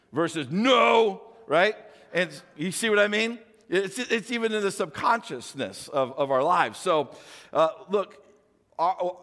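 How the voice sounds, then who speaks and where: An older man preaching a sermon as a pastor, talking conversationally with animated rhetorical questions. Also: fairly high pitch, in a large hall.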